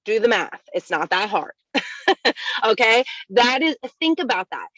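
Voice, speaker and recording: A woman's voice: a little high, sing-song, measured pace, a bit bright, no room sound, poor audio. Upbeat woman giving a team recap. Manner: upbeat, addresses listeners as "you guys". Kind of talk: energetic motivational recap.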